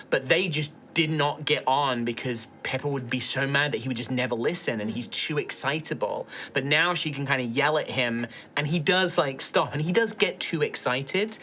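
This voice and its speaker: Chatty male game master, bright voice. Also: mid-range voice, a little hiss or hum. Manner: loose, chatty narration with many fillers. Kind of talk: narrating a tabletop game.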